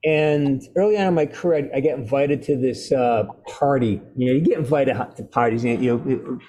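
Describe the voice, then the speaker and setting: A middle-aged man, a guest actor on a video call, telling stories with loud bursts, restarts and salty language. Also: medium pitch, moderate pace.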